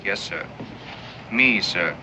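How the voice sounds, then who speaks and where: A man's voice: lowish voice, slow pace, sharp tone, exaggerated voice. An actor playing a dutiful male army corporal, deferential to his superiors and curt with townsfolk. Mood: sheepish. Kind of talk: 1960s TV drama acting. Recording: muffled old TV soundtrack with background noise.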